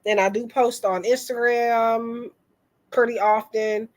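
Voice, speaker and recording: A woman hosting a tarot livestream and chatting casually with viewers in a sick, under-the-weather voice, halting and reflective, often trailing off. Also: fairly high pitch, little pitch movement. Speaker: tarot reader and livestream host.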